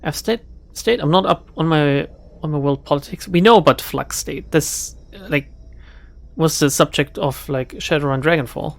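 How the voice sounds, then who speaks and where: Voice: medium pitch, moderate pace, creaky. A gaming YouTuber giving casual let's-play commentary, joking, swearing and laughing at their own slips while playing.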